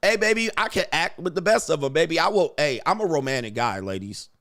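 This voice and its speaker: A man's voice: a little high, expressive, brisk, a bit bright. A man hosting a show, ranting in a crude, boastful, swaggering way in casual talk. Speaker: show host. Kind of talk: casual livestream rant.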